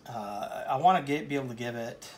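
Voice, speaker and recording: A man's voice: mid-range voice, brisk, a little mellow. A man teaching painting in a casual, rambling way, joking and poking fun at himself as he works. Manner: rambling, joking and self-deprecating. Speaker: painting instructor. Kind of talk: casual painting tutorial talk.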